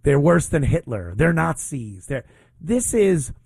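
A man's voice: on the high side, big pitch swings, measured pace, gravelly, darkish tone, slightly rough, dry recording. A man hosting his own commentary show, talking in a sarcastic, mocking way. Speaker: podcast host. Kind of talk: opinionated commentary.

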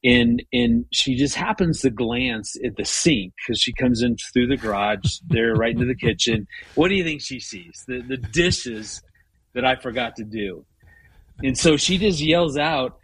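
A man's voice: mid-range voice, measured pace, a bit bright, low-quality recording. A man in his fifties, a guest on an interview show, telling stories about his marriage in a conversational way and often repeating words as he goes. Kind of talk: conversational storytelling.

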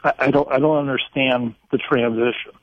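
A male caller with a husky voice rambles and searches for his words over a phone line. The sound is dry. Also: mid-range voice, fairly even intonation, moderate pace, no room sound.

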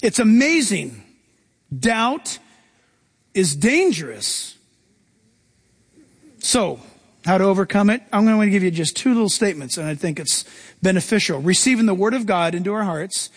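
A man preaching a sermon as a pastor, animated and playful, acting out the voices of Bible figures as he tells the story. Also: sits high, moderate pace, long pauses, breathy edge.

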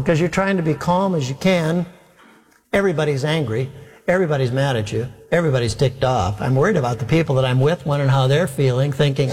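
A male pastor telling a wry, animated story during a sermon. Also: fairly high pitch, quick pace, long reverb tail. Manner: animated, wry anecdotal delivery.

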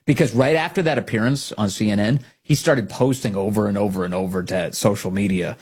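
A man's voice: lowish voice, brisk, slightly rough. A man hosting a talk radio show, giving opinionated commentary and mocking other people's voices. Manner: animated, sarcastic, mocking voices.

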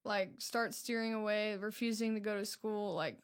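A teenage girl living in a youth program, answering interview questions softly and hesitantly with many fillers. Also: medium pitch, steady tone, normal speed, clear, resonant tone. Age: teens. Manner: soft-spoken, hesitant, many "um" and "like". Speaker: program resident.

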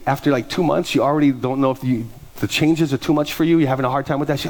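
A man's voice: mid-range voice, racing. A middle-aged male pastor preaching a sermon, telling stories and acting out the voices of people in them. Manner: animated, acts out dialogue in quoted voices. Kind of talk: sermon with storytelling.

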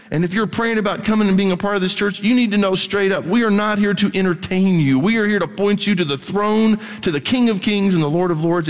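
High-voiced emphatic male pastor preaching. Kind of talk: sermon. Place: church hall. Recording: long hall reverb.

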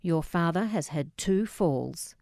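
Woman doing a dry deadpan scottish mum, flinty and terse, low and unhurried. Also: no room sound. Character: older mother, flinty and deadpan.

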